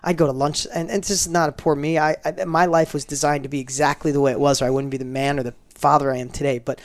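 Fast-talking gravelly middle-aged man. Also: on the high side, dry recording. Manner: animated, acts out quoted dialogue, frequent restarts. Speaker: podcast guest. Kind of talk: casual interview storytelling.

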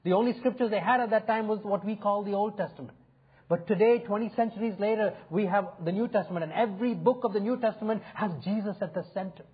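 A man's voice: sits high, quick pace, husky. A male pastor preaching a sermon in an earnest, inviting way, swelling and dropping his emphasis. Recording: phone-like narrow sound.

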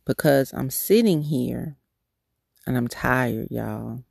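A woman's voice: a bass voice, takes it slowly, creaky, a little mellow, husky, dry recording, clean studio sound. A woman hosting a devotional podcast, telling a personal faith story in an earnest, candid way, often restarting her sentences. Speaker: podcast host.

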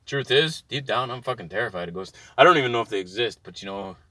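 A man's voice: mid-range voice, fast, no room sound. Profane, heated man in his thirties. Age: 30s. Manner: swears constantly, heated and animated. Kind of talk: profane ranting monologue. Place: inside a car.

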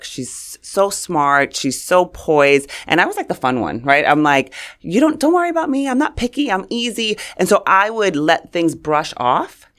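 A woman from New York, a communication coach and interview guest, telling stories in a lively, animated way with frequent laughter. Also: sits low. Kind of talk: casual interview chat, storytelling.

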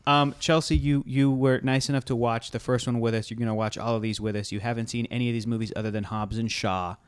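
A man's voice: mid-range voice, steady tone, fast talker, clear, resonant tone, no room sound. A young man hosting a film podcast in a casual chat, rambling and laughing as he talks. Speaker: podcast host.

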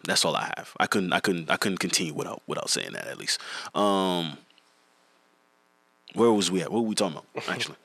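A man's voice: low-pitched, expressive, fairly quick, bright, forceful tone, dry recording. A young man co-hosting a podcast in casual banter, joking, laughing and restarting his sentences. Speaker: podcast co-host.

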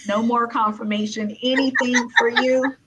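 A woman's voice: a little high, fairly even intonation, moderate pace, very noisy. A woman from Brooklyn, New York, hosting a casual interview, talking in a chatty way with lots of "you know" and repeated words.

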